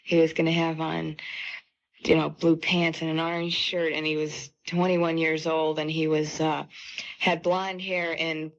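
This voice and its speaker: A woman's voice: sits low, measured pace. A woman in a touring singing group, chatting in a radio interview and telling stories with frequent laughs. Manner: lively storyteller, laughs often. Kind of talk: casual interview chat. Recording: muffled 1970 radio broadcast recording.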